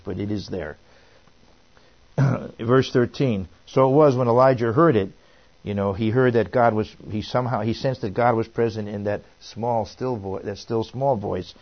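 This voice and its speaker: A man preaching a Bible study, reading scripture aloud and then explaining it in a relaxed, conversational way with frequent restarts. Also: on the low side, lo-fi sound.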